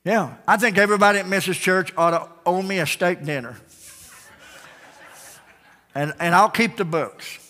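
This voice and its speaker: A male pastor preaching an altar call, swinging between loud calls and soft pleading. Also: high voice, moderate pace, pauses often. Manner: calls out names loudly, then drops to soft pleading. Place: large church sanctuary. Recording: church broadcast with long reverb.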